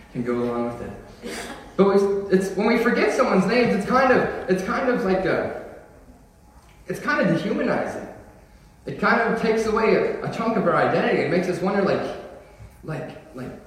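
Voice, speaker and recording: A man's voice: a little high, a little hiss or hum. A young adult man preaching a sermon in a casual, joking way that builds to emphatic declarations. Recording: echoey hall, voice from far off.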